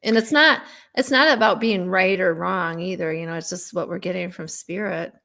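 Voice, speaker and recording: A woman's voice: on the low side, normal speed, creaky, a bit bright. A woman guest psychic chatting casually, telling stories with many fillers. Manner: chatty, storytelling, filler-heavy. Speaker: guest psychic and podcast host. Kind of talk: casual conversational chat.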